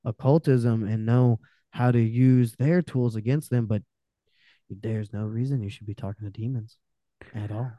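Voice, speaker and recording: A man, a podcast guest, telling a story in casual chat, animated and profane, acting out what people said. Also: medium pitch, moderate pace, no room sound, dull audio. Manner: animated, profane, acts out quotes.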